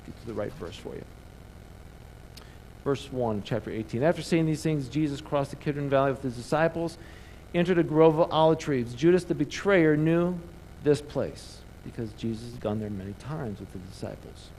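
A man preaching a sermon in church, animated, calling the congregation to answer back. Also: medium pitch, moderate pace, slight background noise, low-quality recording. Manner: animated preaching with call-and-response. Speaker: pastor. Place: church sanctuary.

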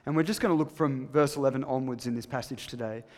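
A man preaching a sermon emphatically, swinging between loud stresses and soft, low asides. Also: fast talker, long reverb tail.

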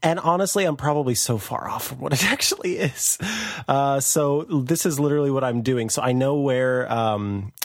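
A woman's voice: rumbling low, moderate pace, few pauses, dry recording, clean studio sound. A woman hosting a podcast, chatting casually in a rambling, giggly way with self-mocking jokes. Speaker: podcast host. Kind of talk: casual chat.

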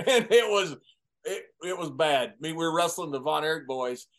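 A man's voice: fairly high pitch, normal speed. An older man, a retired wrestler, telling road stories in a casual chat, often laughing as he talks. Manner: animated, laughing storyteller. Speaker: retired pro wrestler, guest.

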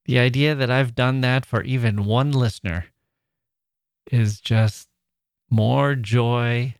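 A man's voice: medium pitch, fairly even intonation, slow. A man hosting a literature podcast, talking in a chatty, playful way and quoting people with a lifted voice. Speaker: podcast host. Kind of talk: casual monologue.

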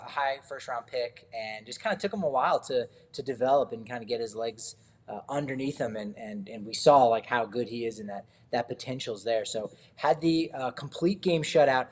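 A man co-hosting a casual sports podcast, talking in a relaxed, rambling way with many fillers and restarts. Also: medium pitch. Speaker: podcast co-host.

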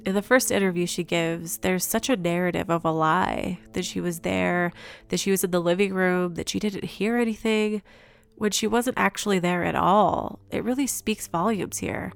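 A woman host narrating in a scripted, measured way that asks pointed questions. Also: lowish voice, steady tone, vocal fry.

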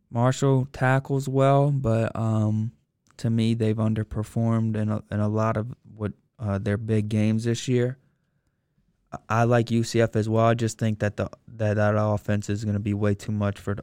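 A man with a smooth, clear voice speaks in a flat, even tone as he gives game stats and his betting pick. He is relaxed and halting, and the sound is dry. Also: on the low side, dry recording. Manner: laid-back, stats-driven, halting with fillers. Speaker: sports betting co-host. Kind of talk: casual sports betting chat.

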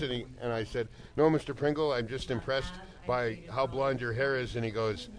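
A man's voice: medium pitch, steady tone, moderate pace, a crowd in the background. A man co-hosting a wrestling talk show, chatting casually and telling rambling, playful stories. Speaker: wrestling podcast co-host. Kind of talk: casual chat.

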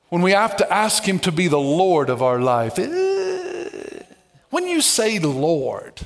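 High-voiced preacher, soft to shouting. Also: male voice, big pitch swings, slow pace, creaky. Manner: dynamic, swings from soft asides to shouted emphasis; playful, with humorous asides and call-outs to the congregation. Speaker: pastor. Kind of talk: sermon.

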